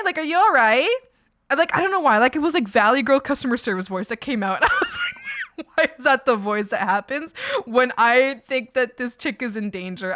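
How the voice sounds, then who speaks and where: Bright high-voiced young woman streamer. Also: dry recording, clean studio sound. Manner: rambling, lots of "like" and restarts. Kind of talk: casual storytelling to chat.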